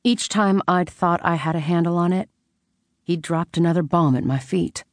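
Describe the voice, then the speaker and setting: A woman narrating a first-person audiobook, expressive and wry, on a close studio mic. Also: on the low side, moderate pace, dry recording.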